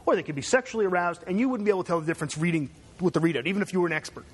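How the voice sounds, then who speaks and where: A man's voice: high voice, racing, slightly rough. A man from Canada giving a conversational university lecture, digressive and checking in with "right?".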